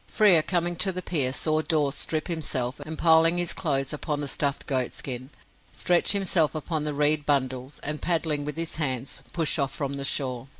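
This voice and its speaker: A man reads a classic novel aloud in a steady, measured way. His voice is bright and rather high for a man. The recording is dry and close, with no room sound. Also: no echo, rough recording. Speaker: audiobook reader. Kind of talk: audiobook narration.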